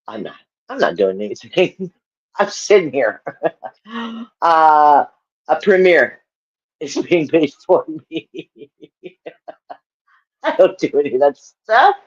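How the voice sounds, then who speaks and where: A woman with a lowish voice chats slowly and casually with her livestream viewers, her pitch rising and falling freely as she laughs often between comments. The sound is a bit dull and lo-fi. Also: darkish tone. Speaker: livestream host.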